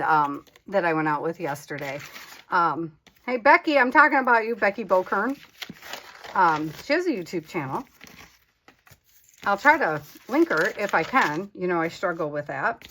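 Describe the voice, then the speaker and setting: A woman hosts a casual crafting vlog, chatting candidly and self-deprecatingly while talking to her supplies as she works. Her voice is lowish, bright, and forceful, with a little hiss or hum in the audio.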